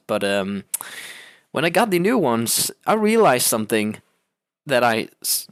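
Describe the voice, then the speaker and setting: A man's voice: mid-range voice, very animated, measured pace, fairly bright tone, no room sound. Rambling young Danish man, dry sound. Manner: rambling, laughs often, swears casually. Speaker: gaming channel host. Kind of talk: casual rambling gaming commentary.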